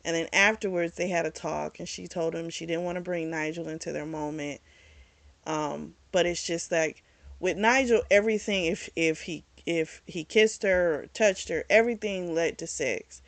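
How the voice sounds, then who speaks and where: Woman gabbing thru a book recap, lots of "you know", kinda low voice, dry no-room sound. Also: moderate pace, creaky, no echo. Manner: chatty, full of "like" and "you know". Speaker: book club host. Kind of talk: casual book review retelling.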